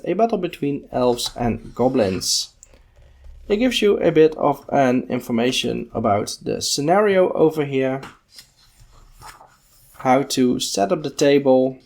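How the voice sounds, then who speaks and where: Leafing through a book one page at a time, this male podcast host thinks aloud in a relaxed, musing way, using fillers as he goes. His mid-range voice is a little mellow, with some vocal fry.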